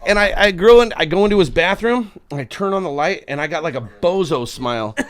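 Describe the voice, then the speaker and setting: A man's voice: sits high, animated, fairly quick, slight background noise. A man telling a raucous story as a podcast guest, laughing and acting out quotes. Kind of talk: casual chat, telling a story.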